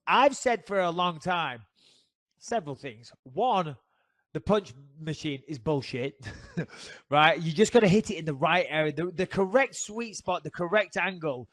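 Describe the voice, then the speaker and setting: A man's voice: fairly high pitch, lively intonation, unhurried, fairly bright tone, no echo. A middle-aged man with a Northern English accent, co-hosting a casual podcast chat and telling profane, joking stories. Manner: profane, storytelling banter. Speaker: podcast co-host.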